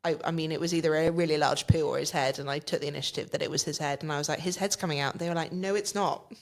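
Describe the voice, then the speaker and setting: A woman's voice: sits low, fairly even intonation, very fast. A woman guest on a podcast, telling a story in casual chat, acting out the other people's lines and swearing freely. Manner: vivid, swears freely, acts out quoted dialogue.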